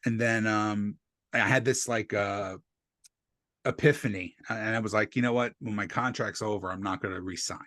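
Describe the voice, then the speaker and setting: A lowish male voice at normal speed: a New Jersey stand-up comedian in casual podcast mode, telling stories with profanity and animated acting-out of quotes. The sound, from a desk USB microphone, is dry and studio-clean.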